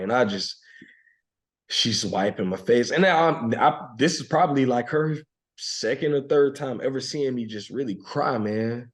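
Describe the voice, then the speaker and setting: A man in his thirties, a podcast guest, telling a personal story in a reflective, emotional, soft-spoken way, laughing now and then. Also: mid-range voice, normal speed, breathy edge. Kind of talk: heartfelt conversational storytelling.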